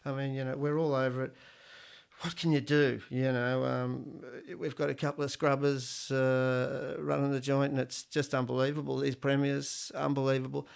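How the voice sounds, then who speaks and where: A man's voice: medium pitch, level tone, normal speed, gravelly, clean tone. A middle-aged Australian man hosting a podcast on his own, rambling through jokes and opinions with plenty of swearing. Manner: crude, swearing, rambling joke-telling. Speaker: podcast host. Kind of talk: casual solo podcast monologue.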